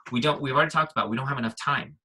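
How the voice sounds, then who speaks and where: Guest trainer, male, middle-aged, bright husky voice, upbeat and punchy. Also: mid-range voice, rapid-fire, low-quality recording. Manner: upbeat, punchy, checks in with listeners. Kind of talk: software walkthrough on a team call.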